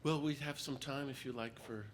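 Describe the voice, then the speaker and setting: A male priest addresses a gathering with passionate, emphatic delivery, his voice thickened by a cold. His pitch sits in an ordinary middle range. A faint hiss runs under the talk. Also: steady tone, a little fast. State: has a cold. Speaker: priest and speaker. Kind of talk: public talk to a peace group.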